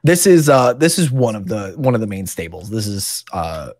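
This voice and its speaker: A man's voice: fairly low pitch, normal speed, dry recording, studio quality. A man as game master, narrating a tabletop game in a chatty way with lots of fillers. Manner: chatty, animated, many fillers.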